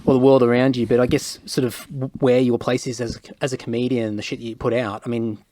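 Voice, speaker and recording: A man's voice: mid-range voice, flat delivery, fast, warm tone, a little hiss or hum. A man hosting a podcast, asking long meandering questions and correcting himself as he goes. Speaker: podcast host. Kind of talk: casual podcast interview.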